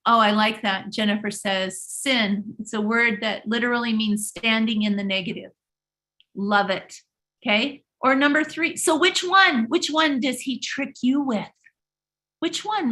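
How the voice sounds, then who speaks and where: This woman hosts a live motivational talk in a pushed, bright voice on the high side. She is emphatic and preachy and keeps restarting and repeating what she says.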